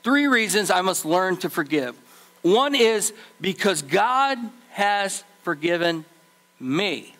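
Man, pastor, sermon, high voice, very lively pitch, acts out characters. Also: takes it slowly. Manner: animated preaching, acts out the people in the story.

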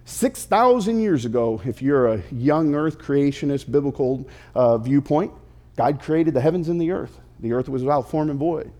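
A pastor in his thirties preaching a sermon, telling stories playfully and slipping into quick put-on voices. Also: medium pitch, expressive, warm tone.

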